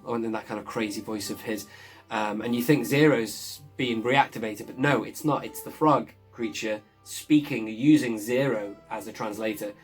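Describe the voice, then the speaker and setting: A man gives a loose, excited recap of a show episode, chuckling as he goes. His voice sits at an ordinary middle pitch. Soft guitar music plays faintly underneath. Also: normal speed. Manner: enthusiastic, chuckles often while recounting. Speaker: show reviewer.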